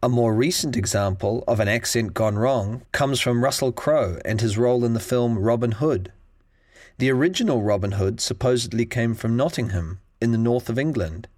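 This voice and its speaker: A man reading a scripted English listening lesson in a clear, measured way. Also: mid-range voice, darkish tone, no echo, studio quality. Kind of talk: scripted narration.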